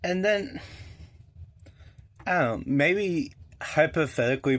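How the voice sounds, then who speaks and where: A man rambling through his opinions on music history in a casual vlog, with lots of fillers and restarts. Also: mid-range voice.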